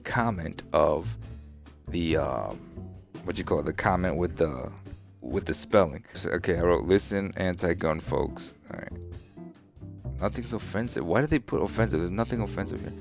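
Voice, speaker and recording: A man's voice: low voice, moderate pace, creaky, soft background music. A man hosting a casual podcast, telling a story at an easy pace and reading old posts aloud with a chuckle. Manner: laid-back storytelling, reading out tweets with amused laughs. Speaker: podcast host.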